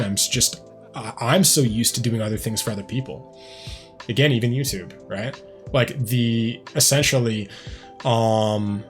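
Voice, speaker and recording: A man hosting a music reaction video, talking in a rambling, reflective way, full of "like" and "um". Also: medium pitch. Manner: rambling and reflective, heavy use of "like" and "um". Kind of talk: casual reaction commentary.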